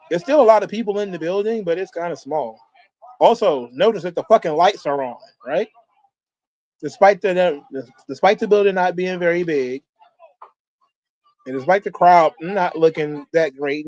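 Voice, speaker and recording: A man's voice: fairly high pitch, a little mellow, lo-fi sound. A man hosting a wrestling watch-along, talking in a loose, rambling way with frequent swearing. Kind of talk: casual commentary.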